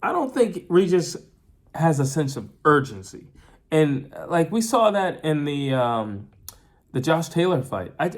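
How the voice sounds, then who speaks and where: Man chatting through a fight breakdown. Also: on the high side. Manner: chatty, repeats and restarts often, uses filler like "you know". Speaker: boxing commentator.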